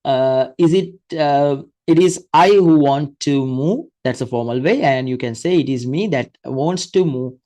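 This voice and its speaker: Male English teacher of middle pitch, halting and patient, walks through examples with many fillers. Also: dark tone, rough recording. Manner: halting, with frequent fillers and restarts; explains step by step, repeating examples. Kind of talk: grammar lesson explanation.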